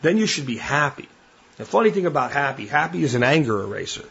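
Blunt husky-voiced man. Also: on the high side, sing-song, fast, fairly bright tone, muffled recording. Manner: blunt, plain-spoken. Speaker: podcast host. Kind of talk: casual monologue.

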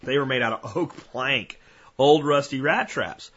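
A man's voice: mid-range voice, a little slow, fairly bright tone, slightly rough, lo-fi sound. A man hosting a podcast, talking casually in a folksy, rambling storytelling way. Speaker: podcast host.

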